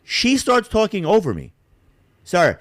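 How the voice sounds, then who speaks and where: Animated, profane middle-aged man. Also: sits high, normal speed, no echo, clean studio sound. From Yugoslavia. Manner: animated, profane, acts out both sides of a phone call. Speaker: podcast co-host. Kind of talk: casual storytelling chat.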